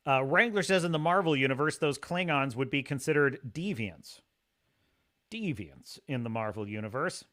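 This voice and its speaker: A man hosting a live stream, reading viewer comments and ranting in an animated, laughing way. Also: mid-range voice, moderate pace. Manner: animated, ranting, laughs often, mocks pronunciations. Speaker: host.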